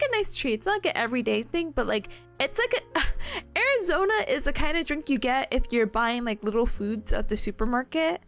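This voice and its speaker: A young woman streamer chatting casually with her viewers, giggling often and slipping into playful silly voices. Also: high-pitched. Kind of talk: casual live-stream chat.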